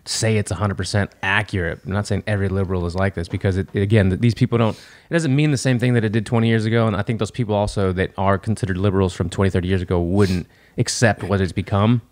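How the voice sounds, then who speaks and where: A man co-hosting a casual podcast, talking quickly and easily and chiming in with short agreements. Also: lowish voice, steady tone, darkish tone, no echo. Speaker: podcast co-host.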